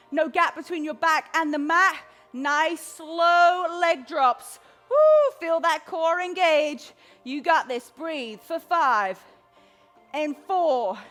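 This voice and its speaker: A woman's voice: high voice, fairly bright tone. A young woman leading a live workout, slightly out of breath as she exercises along. She gives upbeat, encouraging cues and counts, mixed with motivational talk. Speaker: fitness instructor.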